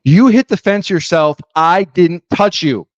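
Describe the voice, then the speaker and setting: A man acting out a defiant male race car driver who insists, slowly and emphatically, that he never touched anyone. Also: on the high side, expressive, no echo, lo-fi sound. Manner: insistent, slow and emphatic, voice raised.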